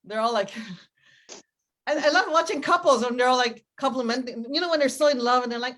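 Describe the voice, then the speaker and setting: A middle-aged woman with a fairly high voice performs stand-up on a club stage. She rambles, loses her thread, and laughs at her own lines. She talks into a handheld stage mic. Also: expressive, brisk, fairly bright tone. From Cambodian family. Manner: rambling, self-interrupting with giggles. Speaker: stand-up comedian. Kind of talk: stand-up set. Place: comedy club stage with audience.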